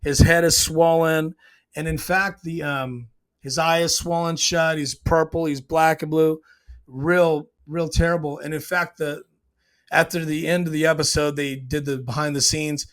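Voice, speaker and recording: A man's voice: fairly high pitch, little pitch movement, unhurried, fairly bright tone. A man casually breaking down a TV scene, emotional and hesitant, restarting his sentences often. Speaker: show reviewer.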